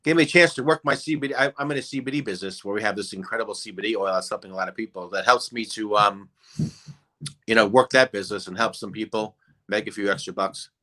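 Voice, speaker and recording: A man with a fairly low but bright voice chats as a guest in an interview. He rambles, hesitates and fills pauses. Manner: rambling, many fillers, chuckling. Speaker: guest impersonator. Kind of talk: casual interview chat.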